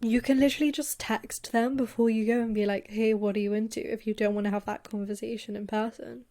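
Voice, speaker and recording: A woman's voice: fairly high pitch, flat delivery, a little fast, darkish tone. A woman co-hosting a podcast, speaking frankly and steering the talk with questions and practical tips. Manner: frank, advice-giving, leads the questions. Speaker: podcast co-host. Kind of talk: casual chat.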